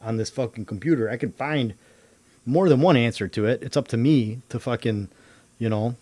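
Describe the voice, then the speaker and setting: With a mellow, medium-pitched voice at normal speed, this male livestream host rambles casually about conspiracies, peppering his talk with slang and curses. The audio has no echo.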